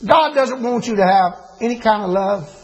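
An older preacher with a strikingly high, husky voice. He moves between homely family stories and emphatic declarations, drawing out key phrases as he preaches. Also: lively intonation, normal speed, a little mellow, poor audio. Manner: folksy storytelling, rising to emphatic preaching. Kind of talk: sermon.

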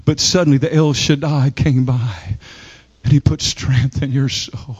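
A man preaching a sermon, moving from slow, low passages to loud, shouted climaxes and calling on the congregation to answer him. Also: slightly rough, muffled recording. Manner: calls on the congregation to repeat and respond. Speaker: pastor.

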